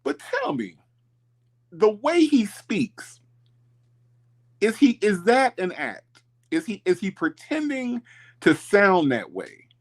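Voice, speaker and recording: Casual livestream host, man, gravelly with a lively pitch. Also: slow pace, long pauses. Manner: animated, reads chat comments aloud, repeats himself. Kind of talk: casual live chat commentary.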